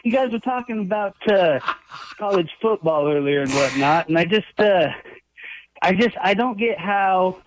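A man's voice: high-pitched, expressive, moderate pace, noisy background. A man from Nebraska calling into a sports radio show, a little out of breath, chummy and full of restarts. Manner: chummy, hesitant, lots of restarts. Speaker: caller. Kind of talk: call-in radio chat.

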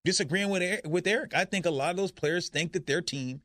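A man co-hosting a sports radio show, giving his take in a steady, plain way. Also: sits high, fairly quick, no room sound, studio quality. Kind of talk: casual sports radio chat.

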